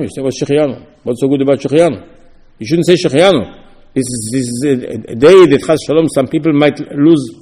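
A man giving a Torah lecture as a rabbi, arguing back and forth through rhetorical questions in a lively, animated way. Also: a little high, long reverb tail.

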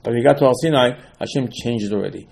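A man's voice: mid-range voice, fast talker, creaky, darkish tone. A man teaching a Torah class in an emphatic, repetitive way, asking and answering his own questions in non-native English phrasing.

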